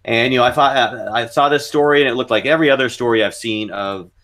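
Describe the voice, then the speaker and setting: A man's voice: mid-range voice, quick pace, fairly bright tone. Man host asking rambling questions. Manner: long rambling questions packed with "you know". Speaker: podcast host. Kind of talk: podcast interview.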